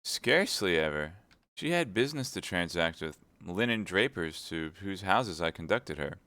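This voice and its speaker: A man's voice: deep voice, expressive, normal speed, bright, forceful tone, no echo, exaggerated voice. A man voicing a timid, fawning middle-aged mercer who is eager to please. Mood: meek. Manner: meek and eager to please, turning frantic.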